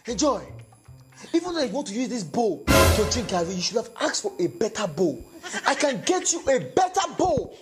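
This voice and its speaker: A woman's voice: a little high, big pitch swings, normal speed. A woman with a Nigerian accent acting an exasperated husband who scolds his wife in a comedy skit. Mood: scolding. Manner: scolding, mixes Nigerian Pidgin. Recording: music playing underneath.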